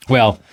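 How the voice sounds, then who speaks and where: A man explaining an idea through an animated story, acting out the scenes as he goes. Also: on the low side, vocal fry, slightly rough.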